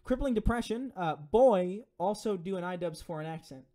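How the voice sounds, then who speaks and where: A young man chatting on a live stream, reading out viewer donations and answering questions. He rambles, swears freely and leans on fillers, in a voice sitting slightly high. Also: lively intonation, moderate pace, mellow.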